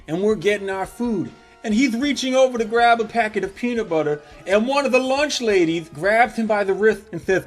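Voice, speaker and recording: A man with a notably high voice tells a comic story, swearing freely and letting his loudness jump up and down as each joke builds. His delivery is animated throughout. Faint music plays in the background. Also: normal speed. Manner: profane, animated, building jokes with sudden shifts in loudness. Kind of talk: comedic storytelling monologue.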